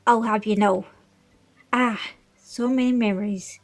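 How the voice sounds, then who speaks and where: A woman's voice: medium pitch, steady tone, measured pace, lightly acted. A woman voicing a stately old fish-folk king. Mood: nostalgic, pleading. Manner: formal, stately reading of game dialogue. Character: older male fish-folk king, regal and fatherly. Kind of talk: reading video game dialogue aloud.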